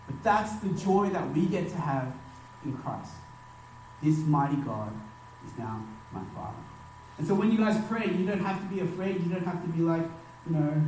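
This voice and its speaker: A man with a high voice gives a sermon to young people from a distance, far from the mic in a very echoey hall with faint room sound behind him. He stresses key words and lets the ends of lines sink low. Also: very animated, moderate pace, darkish tone, slight background noise. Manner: emphatic, dropping his voice low at phrase ends. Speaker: youth pastor.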